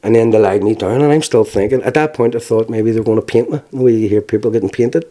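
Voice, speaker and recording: A man in his forties with a Belfast accent speaks in a low, mellow voice. He gives frank, plain-spoken testimony in an interview and often stops to restart his sentences. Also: quick pace. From Northern Ireland. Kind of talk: personal testimony.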